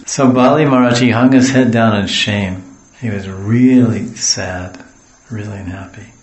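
A man with a fairly low voice tells a sacred story as a sermon. He drifts into homely side stories and acts out the speakers. The room around him rings with echo. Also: a little slow. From the West. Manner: digressive, homely asides, acts out quotes. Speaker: spiritual teacher.

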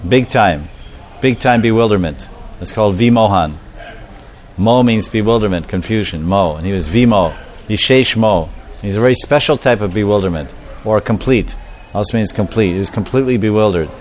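A man preaching a storytelling sermon, animated and repetitive, acting out the voices of the characters. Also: lowish voice, normal speed, a little hiss or hum.

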